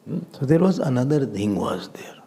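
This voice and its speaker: A man, a swami giving a spiritual discourse as an animated storyteller who acts out other people. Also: mid-range voice, normal speed. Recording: long reverb in a hall.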